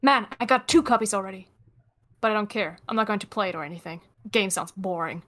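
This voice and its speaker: A woman reading a webcomic's chat lines aloud as a cocky teenage boy, flat and sardonic. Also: medium pitch, fast, close to an everyday voice.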